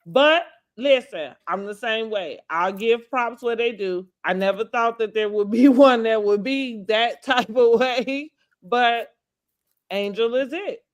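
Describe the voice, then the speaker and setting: A woman co-hosting a casual reality TV recap, talking in an animated, sassy way and laughing often. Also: on the high side, slow pace, highs cut off. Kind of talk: casual chat.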